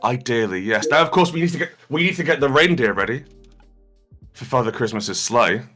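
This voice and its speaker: A man voicing a polite, fussy female administrator who talks in a soft, friendly way. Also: medium pitch, lively intonation, fairly quick, faint music behind.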